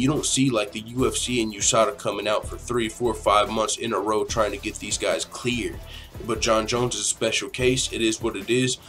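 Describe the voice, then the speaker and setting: A man's voice: lowish voice, fairly bright tone. A man in his twenties hosting a casual podcast Q&A, talking in a rambling, opinionated way and swearing freely. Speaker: podcast host.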